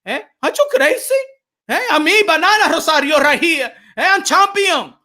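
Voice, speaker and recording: Man putting on a cocky boxer, Dominican Spanish accent, broken English, high-pitched, loud taunts. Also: expressive, normal speed, full character voice. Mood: boastful. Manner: taunting, shouting, mocking. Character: brash trash-talking male boxer, cocky, taunting.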